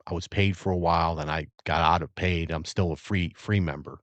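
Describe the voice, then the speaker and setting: Deep-voiced man chatting through a tasting. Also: fairly quick, dry recording. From Virginia area, USA. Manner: relaxed, rambling, savoring and reacting to sips. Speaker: bourbon livestream host. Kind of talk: casual live-stream chat.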